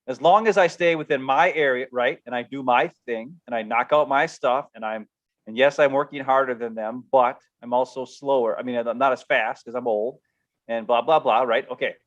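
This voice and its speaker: A middle-aged man telling a casual, animated story as a podcast co-host, acting out coworkers as he goes. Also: medium pitch. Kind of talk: casual rant. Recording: dull lo-fi stream audio.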